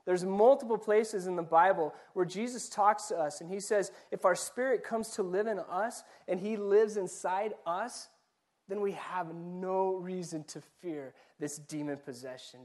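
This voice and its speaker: A man's voice: high-pitched, steady tone, a little slow, darkish tone. A man, a pastor, preaching a sermon, building points through repeated phrases and direct questions to the listeners. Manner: preaching with rising emphatic repetition.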